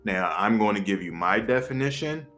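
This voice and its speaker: Casting: young male podcast co-host, lowish voice, blunt and profane, shoots from the hip, faint music underneath. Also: lively intonation, moderate pace, a bit bright. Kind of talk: candid casual podcast chat.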